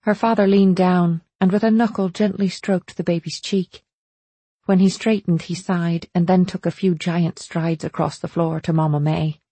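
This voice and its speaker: A woman with a dark, husky, somewhat low voice narrates a first-person audiobook story at a steady, measured pace. The sound is close and dry, without any room sound.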